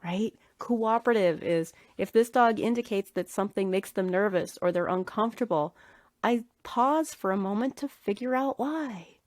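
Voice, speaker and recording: Woman, podcast host, grooming educator, earnest coaching, repeats key words, mid-pitched, dry close sound. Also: normal speed, no room sound. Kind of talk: solo teaching podcast.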